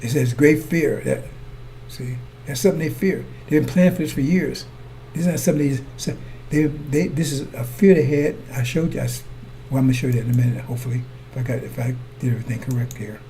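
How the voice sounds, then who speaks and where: Guy preaching, gravelly voice, keeps asking "you understand?", kinda dark tone. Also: mid-range voice, fairly even intonation, fast talker, a little hiss or hum. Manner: repetitive, asks listeners to follow along; addresses congregation as brothers and sisters. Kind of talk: sermon.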